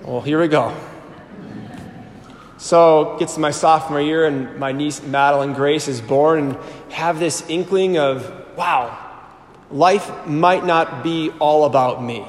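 A priest in his thirties shares his personal testimony before a live audience in a large hall, his fairly high voice unhurried. He tells it animatedly, acting out the voices he quotes, and the hall's long reverb makes the recording echoey.

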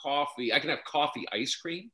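Bright-voiced man, halting casual chat. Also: on the high side, lively intonation. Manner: halting, many restarts and fillers.

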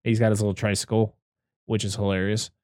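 A man's voice: lowish voice, fast talker, no echo, clean studio sound. Casual man retelling movie scenes. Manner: animated retelling with acted-out quotes and laughs. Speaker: podcast co-host. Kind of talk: casual movie commentary chat.

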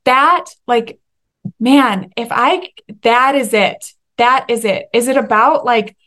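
A young woman hosting a solo faith-based podcast, talking in an excitable, emphatic way and at times laughing or tearing up. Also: on the high side, a little slow. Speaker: podcast host.

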